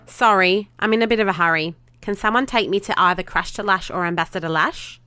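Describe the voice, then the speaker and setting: A woman voicing a brisk, determined female Starfleet doctor who talks firmly and insistently in a fan audio drama. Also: mid-range voice, pushed and bright, smooth, no room sound, lightly acted. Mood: urgent. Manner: firm, insistent.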